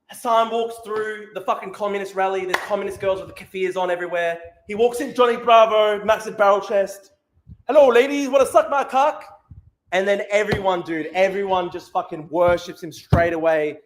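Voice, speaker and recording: A man's voice: high-pitched, normal speed, a little hiss or hum. A man in his twenties with an Australian accent, ranting profanely and mock-despairingly as a show host from a small studio. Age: 20s. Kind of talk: comedic rant.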